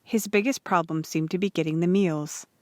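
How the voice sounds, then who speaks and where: A woman reading a children's chapter book aloud in a steady, clear storytelling voice. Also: on the low side, moderate pace, no echo. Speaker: audiobook reader.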